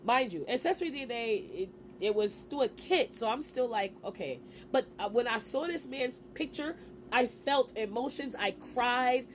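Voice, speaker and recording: A woman in her forties telling a personal story to camera in a casual, animated way, with slang and quick asides. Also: on the high side, a little hiss or hum. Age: 40s. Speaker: vlogger.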